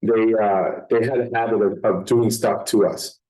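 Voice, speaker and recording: A man hosting a casual podcast conversation, an animated storyteller telling umpire stories. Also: moderate pace, low-quality recording. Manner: animated storyteller, voices get higher when quoting people. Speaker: podcast host.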